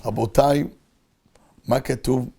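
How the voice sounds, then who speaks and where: A man's voice: mid-range voice, quick pace, breathy edge. A male rabbi teaching a Torah class, telling a story with animation and acting out the people in it. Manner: animated storyteller who acts out the people in his tale.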